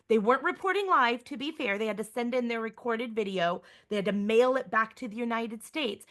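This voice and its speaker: A woman museum educator giving a lively online lesson to students, chatty and checking in with listeners often. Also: a little high.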